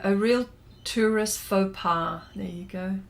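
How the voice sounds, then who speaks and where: A woman's voice: medium pitch, takes it slowly, vocal fry. A middle-aged Australian woman casually chatting with her livestream viewers, giggly and hesitant with many ums. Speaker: artist hosting a livestream. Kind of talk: casual chat reading out viewer comments.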